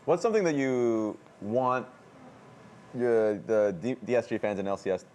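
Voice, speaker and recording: A man hosts an esports analyst desk and questions a player with an upbeat, playful manner. His voice sits at a middle pitch. Faint background noise runs under his speech. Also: lively intonation, moderate pace, darkish tone. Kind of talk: post-match desk interview.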